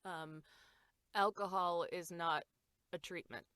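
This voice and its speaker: A woman voice actor in a casual podcast chat, talking fast and laughing often as she acts out quotes. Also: fairly low pitch, steady tone, sharp tone, no room sound, studio quality. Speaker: voice actor guest.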